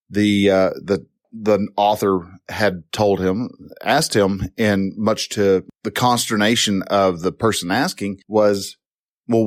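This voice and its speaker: A man with a lowish voice talks through advice in a loose, unscripted way, circling back and restarting his sentences. He grows louder and more animated when a point excites him. The sound is dry and close, with no room echo. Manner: rambling, with many restarts and fillers. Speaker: podcast host giving advice.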